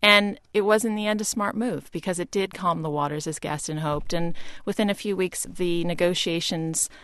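A woman historian, a guest in a broadcast interview, explaining events in a storytelling way that grows animated in places. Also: fairly low pitch, normal speed, no echo.

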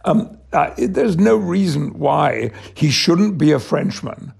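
An older man from Yorkshire, an actor telling stories in an interview in a measured, articulate way with chuckles. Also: on the high side, animated, creaky, a little mellow, breathy edge. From England, Yorkshire. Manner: measured, articulate, laughs through anecdotes. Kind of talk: reflective storytelling.

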